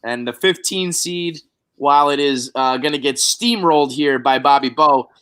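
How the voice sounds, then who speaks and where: A man's voice: on the high side, moderate pace, a bit bright, clean tone. A young man co-hosting a sports podcast, talking in a loose, rambling way with frequent restarts and casual swearing. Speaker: podcast co-host.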